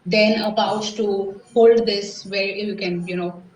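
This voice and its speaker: A woman's voice: mid-range voice, fairly even intonation, slow pace, darkish tone, distant mic. A middle-aged Indian-accented woman speaks as a sales coach at a live seminar, driving her points home with rhetorical questions to the crowd. Her voice sits in a mid register and comes from a little away from the mic. The room is echoey, with a faint hum of ambience behind her. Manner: emphatic, rhetorical questions to the audience. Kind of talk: live motivational seminar talk.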